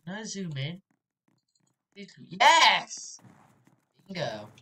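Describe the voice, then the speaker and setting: Bright, lively woman gamer. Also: low voice, slow pace. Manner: chatty, bursts into screams. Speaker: gaming YouTuber. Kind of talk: gameplay commentary.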